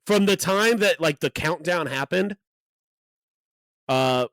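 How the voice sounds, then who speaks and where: Laughing man, a bit high. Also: animated, slow, fairly bright tone, no echo. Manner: laughing, riffing on jokes. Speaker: podcast co-host. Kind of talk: casual chat.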